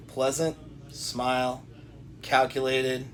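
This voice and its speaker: A man of middle pitch talks straight to the listener in a coaching monologue. He is deliberate, circles back and repeats his points, and restarts his sentences often. A faint hiss sits under the recording. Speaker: self-help coach. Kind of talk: direct-to-camera advice talk.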